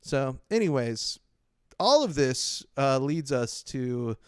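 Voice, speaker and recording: A man's voice: medium pitch, sing-song, slow pace, clean tone, no echo, studio quality. A man hosting a podcast, chatting in a joking, sarcastic way and laughing often. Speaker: podcast host. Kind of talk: casual comedy chat.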